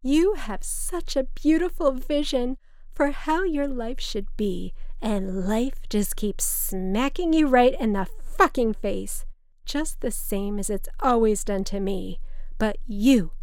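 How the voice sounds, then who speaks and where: A woman's voice: fairly high pitch, animated, takes it slowly, darkish tone, dry recording, clean studio sound. A woman voicing her drunk, dramatic, manipulative mother, speaking in a theatrical, intense, slightly slurred way.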